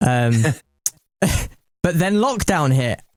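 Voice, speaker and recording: A man's voice: on the high side, sing-song, takes it slowly, a little mellow, no room sound. A young man chatting casually on a podcast with a dry, self-mocking humor. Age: young adult. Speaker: radio station colleague. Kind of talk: casual chat.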